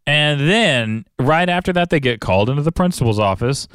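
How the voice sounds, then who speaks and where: A young man co-hosting a casual podcast chat, telling jokey stories in an animated way. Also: on the high side, fairly quick, smooth, no room sound. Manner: joking, animated storytelling. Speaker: podcast co-host.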